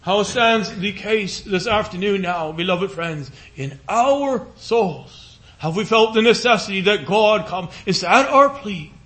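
A man preaching a sermon in an earnest, pleading cadence, repeating phrases and slowing into a hushed voice on scripture. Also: sits high, animated.

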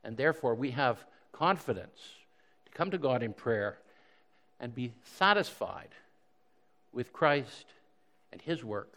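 A pastor preaching a sermon in an earnest way, often repeating words and asking rhetorical questions. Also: male voice, medium pitch, expressive, measured pace, pauses often, sharp tone. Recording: long hall reverb.

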